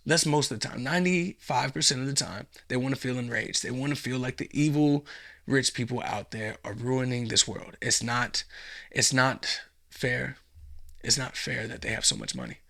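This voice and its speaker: Gravelly, bright-voiced sarcastic man. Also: mid-range voice. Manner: mocking and emphatic, with many repeats. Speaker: podcast host. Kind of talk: sarcastic podcast commentary.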